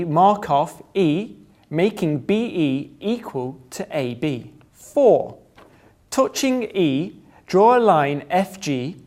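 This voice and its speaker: A presenter reads out step-by-step geometry drawing instructions deliberately, tossing in dry jokes and sometimes breaking into laughter. The voice is mid-range with a darkish tone.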